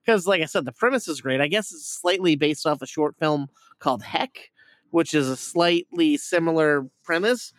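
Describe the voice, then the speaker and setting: A man chats casually on a podcast, rambling, swearing and using lots of fillers while he reviews a movie. His voice is on the high side and fairly bright at a normal speed, captured with clean studio sound and no room sound.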